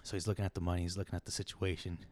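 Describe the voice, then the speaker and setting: Low-voiced man telling a rambling story. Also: little pitch movement, racing, a little mellow. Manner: rambling, swears freely, acts out quotes. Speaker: podcast host. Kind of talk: casual storytelling.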